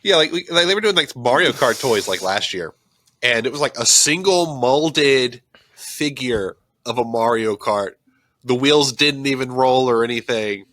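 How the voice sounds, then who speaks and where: A man's voice: mid-range voice, expressive, measured pace, a bit bright. A man co-hosting a podcast, chatting casually and complaining. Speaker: podcast co-host. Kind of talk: casual chat.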